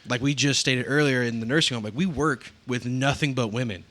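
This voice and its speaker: Male podcast co-host, bright tone, rambling and profane, crude humor. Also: medium pitch, a little fast. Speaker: nursing home worker. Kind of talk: casual podcast chat.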